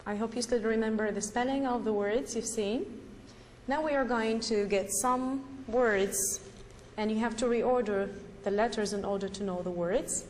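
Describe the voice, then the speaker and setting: A fairly high-pitched woman teacher with an Arabic accent walks students through English vocabulary. She spells words letter by letter, repeats them slowly and praises warmly. A faint hiss sits under her voice. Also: rough recording. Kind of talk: recorded vocabulary lesson.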